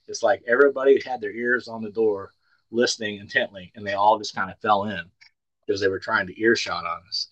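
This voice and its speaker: A man with a lowish voice speaks at a recovery meeting, sharing his own story in an earnest, storytelling way. He often stumbles over the first word of a thought. The sound is dry and close, with no room echo. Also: fairly bright tone, highs cut off. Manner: earnest storytelling, repeats words when starting. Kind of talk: personal testimony talk.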